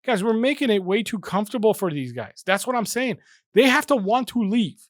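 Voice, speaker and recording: Brisk and high-pitched, with big swings in pitch, this young football fan channel host delivers a fired-up, casual rant to the camera, saying things over again to drive them home. The sound is dry and clean, like a studio.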